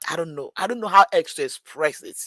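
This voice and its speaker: A woman's voice: low voice, animated, quick pace, bright, forceful tone, dry recording. A woman, calling in to a discussion. She speaks in an impassioned, lamenting way and repeats phrases for emphasis. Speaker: caller. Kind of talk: call-in discussion.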